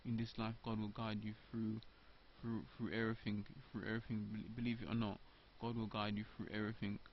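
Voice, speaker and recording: A man's voice: on the low side, little pitch movement, fairly quick. A man talking off the cuff about faith, stumbling and restarting, repeating words and filling gaps with ums. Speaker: video blogger. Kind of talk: unscripted religious monologue to camera. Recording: dull lo-fi home recording with faint hiss.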